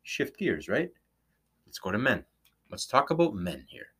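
A man's voice: mid-range voice, sing-song, fairly bright tone, breathy edge. A man co-hosting a sports betting talk show, joking and playful as he runs through tennis odds. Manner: jokey, playful, quick asides. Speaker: sports betting podcast co-host. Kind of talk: casual banter about tennis odds.

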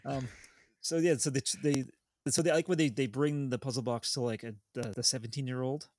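A man's voice: medium pitch, fairly even intonation, fairly quick, darkish tone, a little hiss or hum. A man hosting a casual movie podcast, rambling and joking with frequent restarts. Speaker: podcast host. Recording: remote call with glitches.

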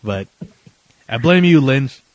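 A man's voice: medium pitch, lively intonation, slow pace, dry recording. A man co-hosting a podcast in casual chat, rambling with lots of fillers and frequent laughter. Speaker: podcast co-host.

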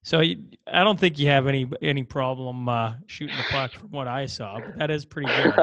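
A man hosting a casual interview, asking questions with animated, excited reactions. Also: medium pitch, fairly quick, dry recording. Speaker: interviewer host. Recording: dull lo-fi, dry sound.

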